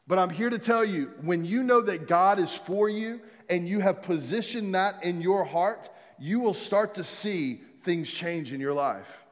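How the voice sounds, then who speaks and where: Pastor guy preaching hard, fairly high voice, repeats his lines, big reverb hall. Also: measured pace, hardly any pauses. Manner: emphatic, repeats key phrases, leads the congregation in call-and-response. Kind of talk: sermon.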